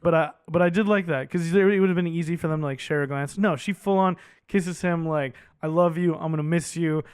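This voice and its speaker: A man co-hosting a movie podcast, talking casually and excitedly, peppering his speech with "like" and the odd swear. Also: a little high, a little fast, few pauses, clear, resonant tone, no room sound, studio quality. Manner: animated, heavy use of "like", swears casually. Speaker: podcast co-host.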